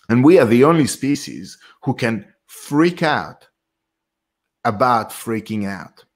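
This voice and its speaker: A man's voice: mid-range voice, animated, slow. Hesitant, thoughtful male psychologist. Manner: thoughtful, self-interrupting, laughs at his own jokes. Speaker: psychologist guest. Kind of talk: explanatory conversational talk.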